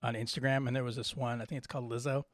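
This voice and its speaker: A man's voice: medium pitch, flat delivery, rapid-fire, no echo. Laid-back laughing man, dry sound. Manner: laid-back, laughs often, swears casually. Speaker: podcast co-host. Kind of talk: casual chat.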